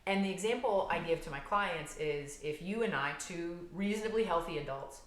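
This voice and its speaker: A woman therapist guiding a somatic healing exercise, calm and gentle, explaining step by step with frequent fillers. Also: lowish voice, normal speed, echoey room.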